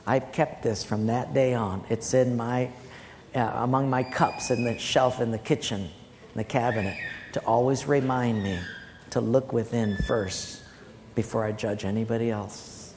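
A man preaching as a pastor, telling personal stories in an animated way and loudly acting out the voices in them. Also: medium pitch, measured pace, a little hiss or hum. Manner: animated storytelling with loud acted quotes. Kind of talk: sermon. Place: church sanctuary. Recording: long church-hall reverb, faint music.

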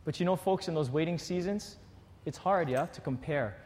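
A man preaching a sermon to his congregation, shifting from quiet, earnest appeals to animated storytelling. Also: on the high side, brisk, slight background noise. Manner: animated storytelling with acted quotes. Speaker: pastor. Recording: long hall reverb.

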